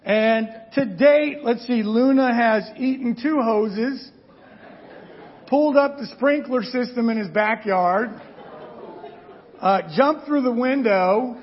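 High-pitched guy preaching, chatty storytelling, kinda muffled lo-fi sound. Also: slow pace. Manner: animated storytelling, frequent "right?" asides. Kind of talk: sermon.

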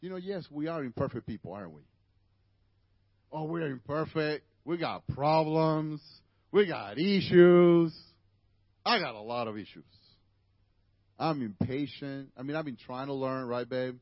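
A man's voice: medium pitch, normal speed, dry recording, lo-fi sound. A man with a Spanish accent, native Spanish speaker, preaching a conversational sermon to a church congregation with asides to the listeners.

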